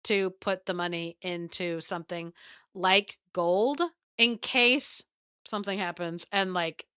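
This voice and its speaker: A woman co-hosting a podcast, retelling an old tale with animated energy and frequent laughter. Her voice is bright and crisp. It sits close and dry on the mic. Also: lowish voice, takes it slowly, no room sound. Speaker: podcast co-host. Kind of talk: casual storytelling chat.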